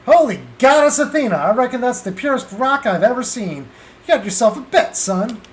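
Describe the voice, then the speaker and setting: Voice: mid-range voice, expressive, fairly quick, lightly acted. A streamer voicing a crooked adult male gambler who puts on a folksy drawl, reading game dialogue aloud. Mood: awed. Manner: drawling, folksy, calls everyone son.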